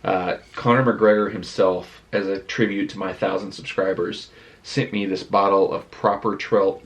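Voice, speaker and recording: A man's voice: fairly low pitch, steady tone, normal speed, breathy edge. A man chatting casually as a vlogger in a rambling, self-deprecating way. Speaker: vlogger and live streamer. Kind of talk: casual vlog chat.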